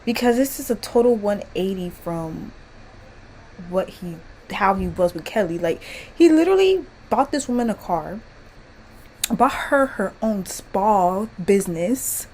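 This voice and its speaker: A woman rants at her computer at home, animated and exasperated, swearing freely as she talks. Her pitch sits in an ordinary middle range. A faint hum runs behind her. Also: a little slow, low-quality recording. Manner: animated, profane, exasperated, laughing often. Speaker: vlogger ranting about a TV series. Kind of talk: casual rant to camera.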